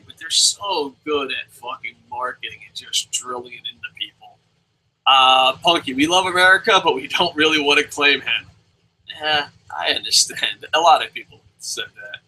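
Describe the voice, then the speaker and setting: Animated, bright-voiced young man hosting. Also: on the high side, normal speed, husky, poor audio. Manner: animated, swearing, jumping between loud and mumbled asides. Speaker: show host. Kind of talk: casual live review with reading out viewer comments.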